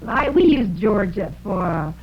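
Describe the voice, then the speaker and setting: A woman's voice: mid-range voice, very animated, a little slow. A woman hosting and chatting playfully with puppets on 1950s television, in a motherly manner, from a dull, hissy old recording. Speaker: host and puppet-show partner. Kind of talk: unscripted chat with puppets.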